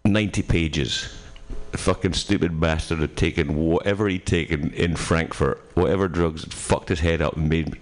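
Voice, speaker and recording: Scottish guy, very low voice, swears a lot, laughs while telling a story. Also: steady tone, normal speed, few pauses, faint music behind. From Scotland. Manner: swears freely, laughs through his stories. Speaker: radio show host. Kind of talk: casual storytelling chat.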